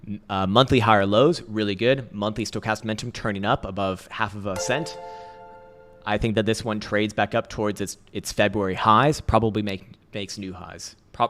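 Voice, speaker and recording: This livestream host has a fairly low, somewhat bright voice as he walks through crypto charts. His talk is loose and blunt, packed with profanity, frequent laughs and meandering restarts.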